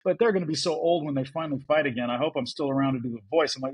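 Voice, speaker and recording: A man's voice: on the high side, very fast, husky, dry recording, poor audio. A man, a voice actor guest on a podcast, telling casual anecdotes and acting out quotes. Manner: animated, acts out quotes in voices.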